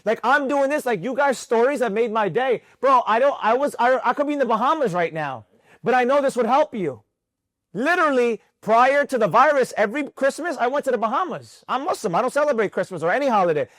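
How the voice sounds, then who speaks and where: High-voiced, preachy male trading mentor. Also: a little fast, no echo. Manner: animated, preachy, repeats himself for emphasis. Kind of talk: live mentorship class talk. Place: room with students present.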